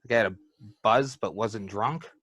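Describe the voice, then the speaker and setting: A man's voice: fairly low pitch, normal speed, a bit bright, no echo. A man co-hosting a podcast who talks in an easygoing, matter-of-fact way in casual chat. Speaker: podcast co-host.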